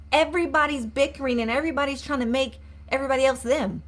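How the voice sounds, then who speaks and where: On a live-streamed motivational talk, a woman mindset coach addresses her viewers earnestly and repetitively, asking questions and prompting them to comment. Her voice sits a little high, and she speaks quickly with few pauses.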